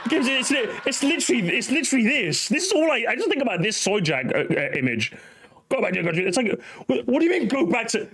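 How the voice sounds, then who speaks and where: A man's voice: extremely high pitch, sing-song, quick pace, a bit bright, slightly rough. A young man hosting a reaction commentary, ranting, mocking and swearing as he talks. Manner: ranting, mocking, profane, laughing. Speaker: commentary host.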